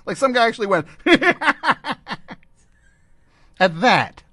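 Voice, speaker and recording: A man's voice: very high voice, big pitch swings, slow pace, bright, forceful tone, slightly rough, no echo. A male radio host riffs on a clip in a sarcastic, mocking way, often breaking into laughter. His voice swoops around animatedly, and the studio recording sounds close and dry. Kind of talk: comedic radio commentary.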